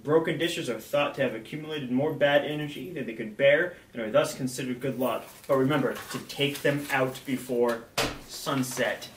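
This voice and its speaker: The same co-host now sounds mid-range at a normal speed, with slight background noise, an echoey room and a distant mic. He stays relaxed and laughs easily while reading trivia during the casual snack review chat.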